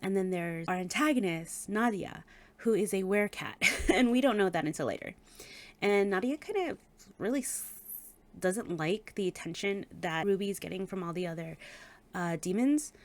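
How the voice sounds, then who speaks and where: A woman giving a casual book review. She speaks in an animated way, laughs often and swears casually. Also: mid-range voice, moderate pace.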